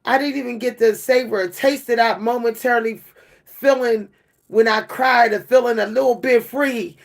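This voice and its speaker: A woman's voice: a little high, fairly even intonation, normal speed, gravelly. A worn-out woman venting to her camera in an emotional monologue, repeating and stumbling over her words. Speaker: vlogger.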